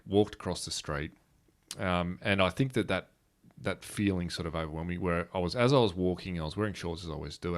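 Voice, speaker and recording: An Australian man in his thirties, telling a story in a rambling way with restarts and fillers. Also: sits low. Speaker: guest speaker. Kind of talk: conversational storytelling.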